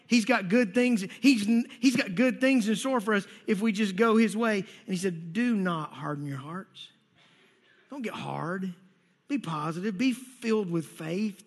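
A man preaching a sermon as pastor, energetic and conversational, with playful acted asides. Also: high-pitched. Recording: long hall reverb.

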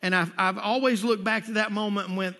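A man's voice: sits high, fairly even intonation, a little fast, pushed and bright. A man preaching a sermon, telling personal stories earnestly and building to emphatic points. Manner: earnest storytelling, rising emphatic near the end. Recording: long hall reverb.

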